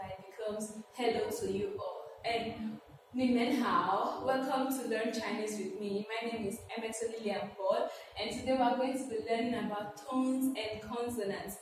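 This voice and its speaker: A woman's voice: fairly high pitch, background noise. Teacher woman, echoey distant hall sound. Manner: patient, repeats key phrases and asks viewers to repeat. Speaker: Chinese language teacher. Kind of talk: classroom-style lesson.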